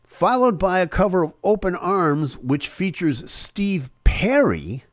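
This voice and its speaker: A man's voice: high-pitched, very animated, no echo, studio quality. A male host in casual live-stream chat, reading comments and talking with many fillers and restarts. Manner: chatty, halting with fillers and restarts.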